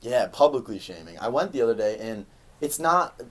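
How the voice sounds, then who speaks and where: A young man hosting a casual podcast, an animated storyteller who laughs often. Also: mid-range voice, fairly quick, a loud crowd. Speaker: podcast host.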